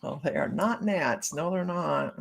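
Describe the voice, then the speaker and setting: This Ohio livestream host, a psychic reader, has a low-pitched, gravelly voice that's expressive and a little slow. While reading cards she chats casually with viewers by name, laughing often.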